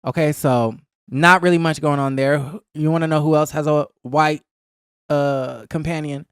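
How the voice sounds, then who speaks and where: A man's voice: normal speed, clean tone, no echo, clean studio sound. Gossipy man recapping reality TV. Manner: gossipy and animated, acting out cast members in a higher voice. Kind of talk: casual chat.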